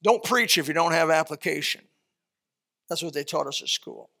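A man preaching a sermon, retelling a Bible story in an animated, conversational way. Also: on the high side, normal speed, gravelly.

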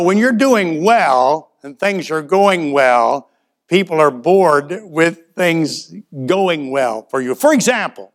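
A man preaching to a church in a folksy, storytelling sermon, his voice sitting a bit high for a man. He acts out short back-and-forth exchanges, swinging from loud to quiet as he goes. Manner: folksy storytelling with acted-out dialogue and shifts in loudness.

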